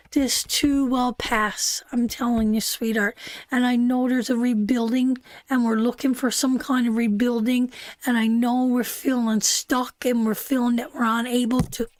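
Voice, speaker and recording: A woman's voice: on the high side, no echo. A woman giving a live tarot reading in a soothing, repetitive way, calling the listener sweetheart and answering chat messages. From Canada. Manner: soothing, repeats "sweetheart", reads chat aloud. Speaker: tarot reader.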